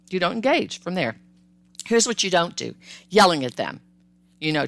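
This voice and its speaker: A woman's voice: on the low side, very animated, normal speed, a bit bright. A woman hosting a parenting podcast, giving upbeat, conversational advice and sometimes acting out what parents and children say. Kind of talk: solo podcast advice talk.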